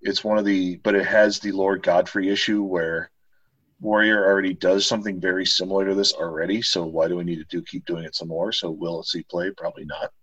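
Low husky guy chatting about a card game, keeps restarting, dull dry mic. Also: steady tone, a bit bright. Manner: halting, restarts often. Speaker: podcast co-host. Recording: muffled dry lo-fi sound.

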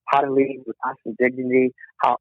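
A man's voice: medium pitch, monotone, brisk, dry recording. A middle-aged man, a rock musician guest, telling stories in a casual interview, acting out quotes and laughing often. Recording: tinny dry phone line.

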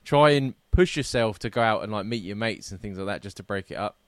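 A man's voice: on the low side, brisk, dry recording. A British man hosting a casual podcast, chatty and laughing often, reading out listener emails. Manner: chatty, laughs often, says "you know what I mean". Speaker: podcast host.

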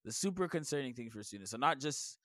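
A man co-hosting a podcast, hoarse from cheering, telling stories in a laughing, chatty way. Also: mid-range voice, lively intonation, quick pace, fairly bright tone, no room sound, clean studio sound. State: hoarse, losing his voice. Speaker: podcast co-host. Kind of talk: casual chat.

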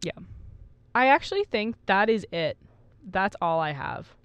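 A woman's voice: medium pitch, sing-song, unhurried, clean tone, dry recording. A woman in her twenties co-hosting a casual podcast, reading study findings aloud and laughing at her own slips. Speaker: podcast co-host.

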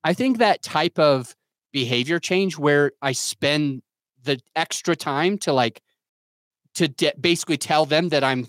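A man's voice: on the high side, normal speed, dry recording. A young adult man talking candidly as a podcast guest, earnest and self-critical, often restarting his sentences as he searches for words. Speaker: podcast guest, entrepreneur and father. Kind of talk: candid reflective podcast talk.

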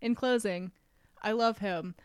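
A woman's voice: medium pitch, measured pace, clean tone, no room sound, clean studio sound. A young woman co-hosting a podcast, casually retelling a TV episode with frequent laughter and offhand swearing. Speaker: podcast co-host.

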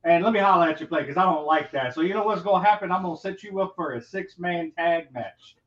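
A brash, swaggering wrestling general manager, as a man puts him on, trash-talking in repeated bursts. His voice sits a little high and sounds dull and roomy. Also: quick pace, fairly bright tone. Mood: boastful.

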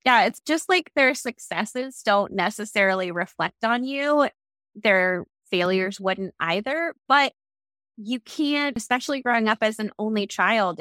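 Speaking in a medium-pitched voice with no room sound, a woman in her late thirties recounts a personal story conversationally. She comes across as earnest and reflective, growing lively whenever she quotes other people.

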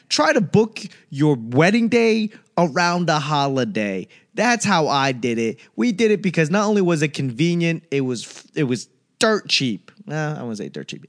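A man hosting a casual solo talk show, ranting on tangents with profanity and sarcastic mimicry. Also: a little high. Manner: rambling tangents. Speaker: solo podcast host.

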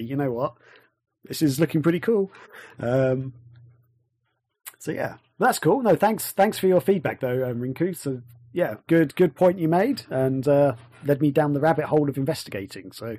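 A man's voice: mid-range voice, darkish tone, no room sound. A man with an English accent hosting a casual gaming podcast, rambling with lots of fillers and restarts. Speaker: podcast host.

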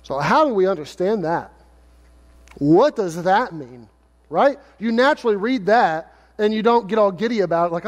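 A pastor preaches with a high, bright-edged voice, chatting with the crowd and cracking jokes between points. His words ring out in a long hall reverb. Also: expressive, moderate pace. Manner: conversational, joking, rhetorical questions. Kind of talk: sermon.

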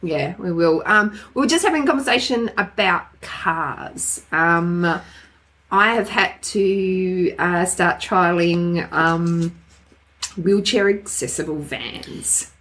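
A woman's voice: on the low side, takes it slowly. Candid Australian woman co-hosting a chat. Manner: candid storytelling with animated quoted dialogue. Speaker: podcast co-host. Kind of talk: casual chat.

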